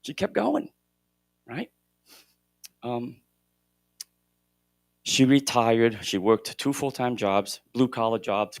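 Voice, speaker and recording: A middle-aged man giving a motivational keynote at a conference, shifting between loud emphasis and hushed moments. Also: lowish voice, no echo, studio quality. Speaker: keynote speaker at a real estate conference. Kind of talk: motivational storytelling speech. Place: conference hall stage.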